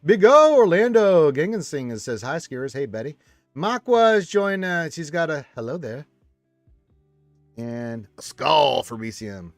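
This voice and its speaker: A man's voice: on the high side, big pitch swings, measured pace, dry recording, faint music behind. A man hosting a casual live stream, reading viewer comments aloud and chatting back from a room full of action figures.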